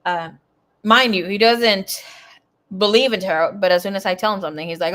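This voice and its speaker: A young woman runs a casual tarot reading from home, drifting into rambling personal stories. She swears freely and her volume jumps from loud bursts down to quiet mumbling. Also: medium pitch, fairly quick. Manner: chatty, swearing, rambling asides. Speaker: tarot reader.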